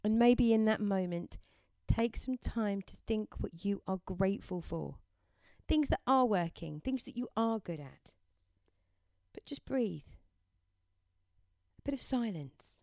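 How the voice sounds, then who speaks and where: A woman giving a gentle, encouraging mindfulness talk and leading listeners through affirmations. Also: medium pitch, animated, measured pace, dry recording. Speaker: self-help speaker.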